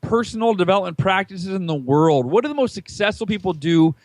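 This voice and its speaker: An American man in his thirties, a podcast guest telling his story casually and acting out the dialogue in a higher voice. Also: fairly quick, no echo. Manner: animated, acts out quoted dialogue in a higher voice.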